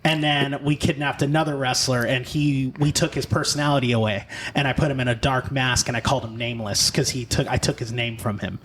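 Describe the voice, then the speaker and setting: A man hosting a podcast, telling stories in a lively, laughing way. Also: mid-range voice, a little fast, hardly any pauses, slight background noise. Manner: animated storyteller, laughs often. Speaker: podcast host. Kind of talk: casual interview chat.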